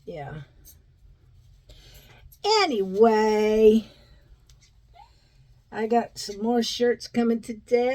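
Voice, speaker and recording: A woman's voice: a little high, lively intonation, extremely slow, creaky, long pauses, warm tone, low-quality recording. A middle-aged woman vlogging in casual, rambling chat, now and then cooing at her dog in baby talk.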